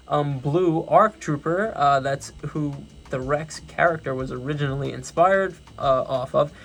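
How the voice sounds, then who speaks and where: A man's voice: fairly high pitch, a bit bright. A young man with a New York accent casually reviewing his toy collection, enthusiastic and rambling, often correcting himself.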